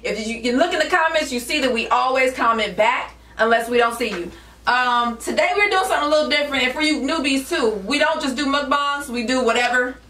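A woman's voice: sits high, fairly quick, bright, forceful tone. A woman co-hosting a couple's vlog, chatting casually, defending herself playfully and laughing things off. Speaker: co-host of a couple's channel. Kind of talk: casual chat. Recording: echoey room, mic at a distance.

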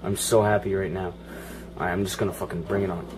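A man's voice: low voice, level tone, fast, background noise. A man giving casual, profane running commentary while playing a video game, grumbling and joking at it. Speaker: gaming channel host.

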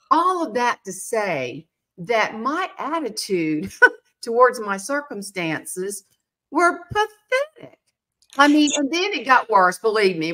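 A middle-aged woman hosting a chat, telling self-mocking stories and acting out what people said. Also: medium pitch. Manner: animated, self-mocking, acts out quotes. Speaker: podcast host. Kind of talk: casual storytelling chat.

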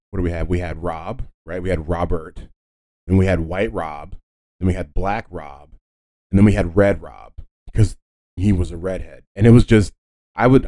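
A man's voice: low-pitched, mellow. A man hosting a solo podcast, talking casually in a rambling way with lots of fillers and self-corrections. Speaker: podcast host.

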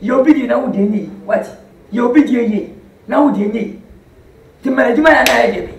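A quarrelsome Ghanaian man scolds in a very high, gravelly voice. His lines come quick and sharp. The room echoes, and he sounds far from the mic with a faint hiss behind. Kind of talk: Ghanaian film acting.

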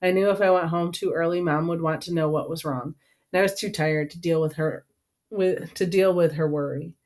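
A woman's voice: lowish voice, steady tone, normal speed, a little mellow. Woman reading a novel aloud in first person. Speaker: audiobook narrator. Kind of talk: first-person audiobook narration.

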